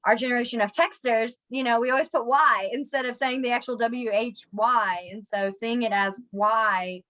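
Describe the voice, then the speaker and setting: Her voice fairly high and her speed normal, a young woman teaches a casual sign language class online on a low-quality recording. She comes across chatty and self-deprecating, growing animated when students try signs.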